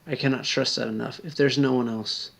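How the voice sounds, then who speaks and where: Drunk man, near tears, gravelly slurred pleading that sinks to whispers. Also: medium pitch, fairly even intonation, a little fast, a bit bright. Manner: earnest, pleading, drops to whispers. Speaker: video blogger. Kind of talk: emotional direct-to-camera appeal.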